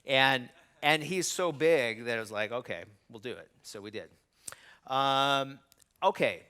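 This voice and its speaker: Middle-aged male speaker, bright forceful tone, animated storyteller who acts out the voices of others. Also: medium pitch, measured pace, clean tone. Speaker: speaker at a business event. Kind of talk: storytelling talk to a live audience.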